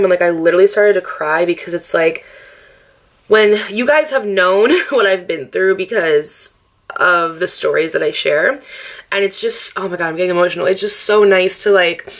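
A young woman talks to her camera in a casual, candid chat, her voice sitting a little low for a woman. She is upbeat and affectionate, laughs often, fills her talk with "like" and swears freely. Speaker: lifestyle vlogger. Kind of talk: casual get-ready-with-me chat.

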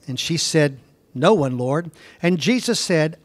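A man leads a Bible lesson, reading scripture aloud and stopping to press his class with rhetorical questions. His voice sits on the high side for a man. The sound is dry and close, with no room around it. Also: expressive, a little slow, no room sound. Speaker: Bible teacher.

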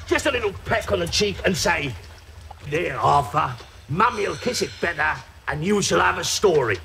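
A wheedling childish client. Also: male voice, sits high, animated, normal speed, gravelly, pushed and bright, slight background noise, exaggerated voice. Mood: pleading. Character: needy, lustful male client, childish and pleading. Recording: studio audience laughter behind.

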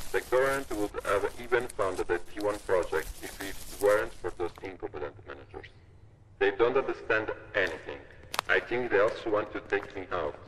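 A man's voice: on the low side, a bit bright, a little hiss or hum, low-quality recording. An actor playing a bitter, vengeful male rogue scientist in a horror game, scornful and menacing. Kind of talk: game voice acting.

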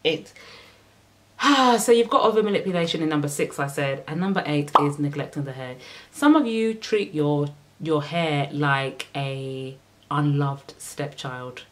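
A woman with a Caribbean accent giving hair care tips in a casual vlog, sassy and playful with shouted exclamations. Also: low-pitched, measured pace.

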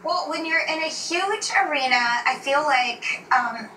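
A woman guest singer chatting casually, relaxed and rambling with fillers. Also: high voice, a little slow, a little hiss or hum. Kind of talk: casual talk-show chat. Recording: echoey room, far from mic.

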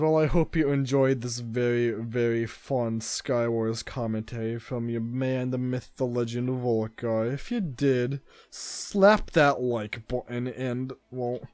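A young man giving live gameplay commentary, exasperated and excitable, breaking into yelps and laughs at the game. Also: mid-range voice, no echo. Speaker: gaming YouTuber.

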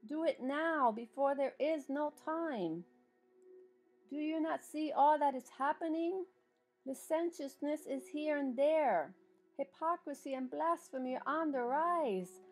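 A woman's voice: mid-range voice, fairly even intonation, measured pace, darkish tone, pitched below the performer's own voice, lightly acted. A woman voicing the Lord as a stern, loving father figure who issues solemn warnings and urgent pleas in a recited religious poem.

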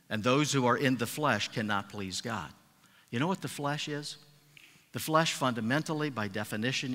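A man's voice: medium pitch, pushed and bright. A male pastor preaching a sermon to his congregation, emphatic and repeating key phrases for weight. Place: church sanctuary. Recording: long reverb of a church hall.

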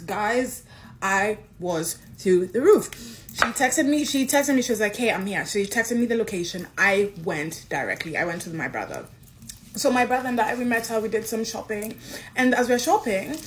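A young woman from Kenya, telling a personal story in a casual, excitable way and acting out what others said. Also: medium pitch, a little hiss or hum. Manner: animated, excitable, acts out quotes.

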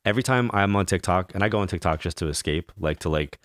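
A man with a very low, deep voice, chatting as a guest in a casual interview. He tells stories with energy and slips into the voices of the people he quotes. The recording is dry and close. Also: fast talker, no room sound. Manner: animated storyteller who acts out quoted voices. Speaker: psychic medium guest.

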